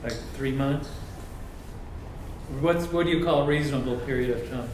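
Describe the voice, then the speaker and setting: A mid-pitched man asks follow-up questions from the audience. He is picked up from afar in an echoing hall, with clear background noise. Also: normal speed, darkish tone. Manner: curious, asking follow-up questions. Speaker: audience member.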